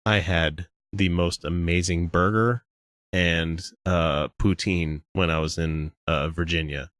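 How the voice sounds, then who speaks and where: A man's voice: deep voice, steady tone, slow pace, fairly bright tone, no echo. A man co-hosting a podcast, joking in casual banter and laughing often. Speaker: podcast co-host.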